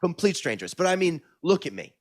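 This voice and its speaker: Young male podcast co-host, higher-pitched, rambling storyteller, dry close sound. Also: very animated, fairly quick, darkish tone, dry recording. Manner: rambling storyteller, swears freely. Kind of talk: casual comedy podcast chat.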